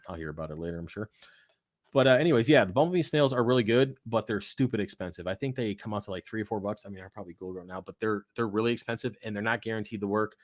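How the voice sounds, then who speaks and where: A young adult man hosts a live aquarium Q&A, chatting casually in a blunt, profane, rambling, self-mocking way while his voice wears out and he loses it. His voice is on the low side, recorded dry with clean studio sound.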